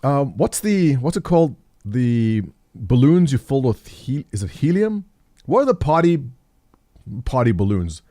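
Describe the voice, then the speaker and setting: A middle-aged livestream host, mid-range and sing-song with a dark tone, speaks at a measured pace. He jokes casually with viewers, rambles, thinks out loud, and reads out the chat.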